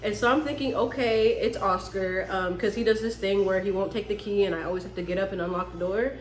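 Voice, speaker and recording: A young woman vlogger telling a story to her viewers in a casual, animated way, cussing freely. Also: medium pitch, fairly quick, roomy sound, faint music behind. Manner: animated, swearing, talks to viewers as sis.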